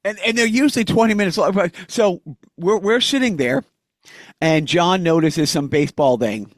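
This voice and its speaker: A man co-hosting a podcast, telling lively stories in casual chat. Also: high voice, normal speed, dry recording, clean studio sound. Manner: lively storytelling. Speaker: podcast co-host.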